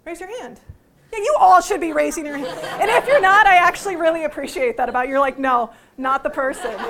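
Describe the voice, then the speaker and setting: A woman teaching a workshop to a live audience, lively and joking, often putting questions to the room. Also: sits high. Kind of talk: interactive workshop talk.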